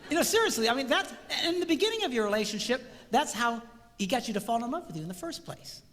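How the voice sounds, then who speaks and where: A man's voice: extremely high pitch, fast, a little hiss or hum. A middle-aged man giving a comedic talk on marriage to a live audience, acting out voices and bantering with the crowd. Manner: animated, acts out voices, jokes with crowd. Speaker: speaker on marriage. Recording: hall reverb with faint ambience.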